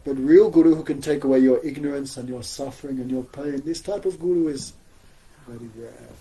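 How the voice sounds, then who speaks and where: A man's voice: medium pitch, fairly quick, mellow, slightly rough, poor audio. A man giving a spiritual scripture class, telling stories with frequent chuckles and rhetorical questions. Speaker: spiritual teacher.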